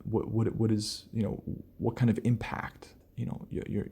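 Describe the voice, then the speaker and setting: A man hosting a relaxed solo podcast, rambling casually with lots of fillers and restarts. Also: fairly low pitch, moderate pace, creaky, husky. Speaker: podcast host.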